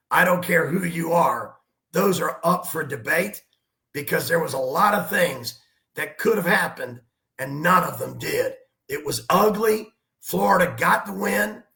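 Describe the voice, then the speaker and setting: High gravelly guy, coach telling a story, punchy and animated, bit echoey room. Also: a little slow. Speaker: basketball coach guest. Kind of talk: storytelling sports talk.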